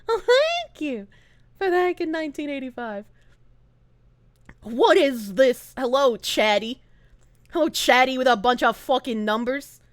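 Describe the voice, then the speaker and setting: A woman's voice: sits high, unhurried, pauses often. A young woman with a Boston accent streaming live, chatting casually, swearing a lot and laughing often. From Boston area, US. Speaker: streamer, VTuber. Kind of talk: casual livestream chat and rants. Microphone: streaming microphone.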